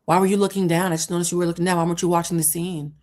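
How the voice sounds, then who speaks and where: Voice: mid-range voice, normal speed, fairly bright tone, pitched above the performer's own voice, natural voice. A vlogger putting on a mocking female talk show host who fires prying questions in a raised voice. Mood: taunting.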